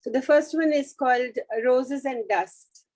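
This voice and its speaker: A woman's voice: high voice, a little slow, a little mellow, no echo, rough recording. A woman poet on a video call, gracious and apologetic before reading her poems. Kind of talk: casual introduction before reading.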